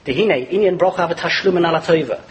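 A man teaching a Torah class in a lively lecture, chuckling as he explains and mixing Hebrew and Yiddish terms into his English. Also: on the high side, racing, a little hiss or hum, poor audio. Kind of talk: animated religious lecture.

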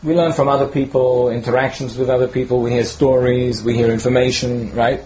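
A man's voice: mid-range voice, level tone, brisk, a little mellow, slight background noise, rough recording. A man teaching an informal sermon in a conversational way, often checking in with "right?" and restarting words as he searches for them. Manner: conversational, peppered with "right?" tag questions. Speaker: teacher giving a Torah talk.

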